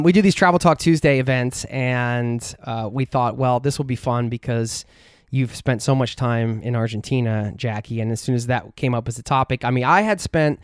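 A man's voice: mid-range voice, smooth, no room sound, clean studio sound. Earnest man hosting a podcast. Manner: earnest, rambling with many fillers. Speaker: podcast host. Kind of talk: heartfelt podcast intro and interview.

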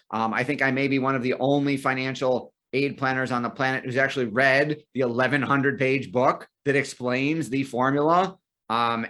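A man working as a financial aid planner, answering interview questions in a brisk, explanatory way. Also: medium pitch, a bit bright. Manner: explanatory, brisk, tells client stories.

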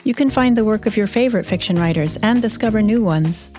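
A woman hosting a podcast, reading a scripted announcement in a calm, even delivery. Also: medium pitch, brisk. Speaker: podcast host and editor. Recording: faint music bed underneath.

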